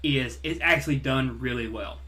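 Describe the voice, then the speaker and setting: A man's voice: mid-range voice, moderate pace, pushed and bright. A man with a Southern American twang reviewing a comic in a loose, rambling podcast chat, often repeating words and swearing casually.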